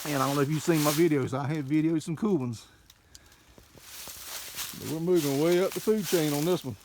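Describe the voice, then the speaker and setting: An older man, a car dealer, giving an excited, folksy walkaround and talking to viewers as folks, recorded on a handheld camera mic. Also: on the high side, brisk, noisy background. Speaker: classic car dealer showing a car. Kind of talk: casual walkaround narration.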